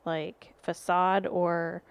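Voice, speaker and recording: A woman's voice: fairly low pitch, level tone, extremely slow, vocal fry, smooth. A woman co-hosting a podcast, chatting casually with frequent ums and likes. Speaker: podcast co-host. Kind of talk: casual chat.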